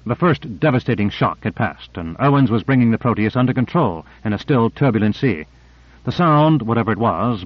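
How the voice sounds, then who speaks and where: A man narrating a novel in a measured, even reading voice. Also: medium pitch, no echo, dull audio. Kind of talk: audiobook narration.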